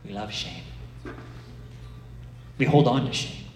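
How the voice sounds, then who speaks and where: A man giving a sermon in a conversational, animated way, often acting out the inner voices of his listeners. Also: mid-range voice, slow, reverberant, poor audio. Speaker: director of a ministry, preacher.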